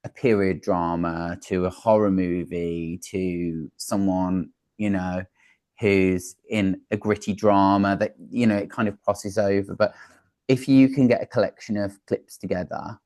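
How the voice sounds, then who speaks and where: A man's voice: sits low, steady tone, a little slow, a little mellow, no room sound, clean studio sound. A man, a talent manager and producer, answering interview questions in an earnest, advisory way with frequent fillers and restarts.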